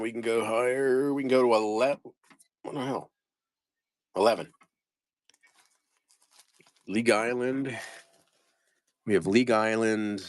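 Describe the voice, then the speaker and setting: A man's voice: lowish voice, no echo. A man selling postcards on a live stream, casually rambling as he reads out place names and chats with viewers by name. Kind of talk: casual live-sale commentary.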